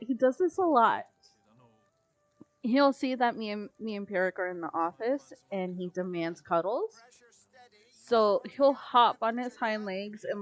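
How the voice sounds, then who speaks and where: A woman's voice: medium pitch, no room sound. A woman streaming a cozy game, chatting casually, often squealing and laughing. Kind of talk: casual gaming stream chat.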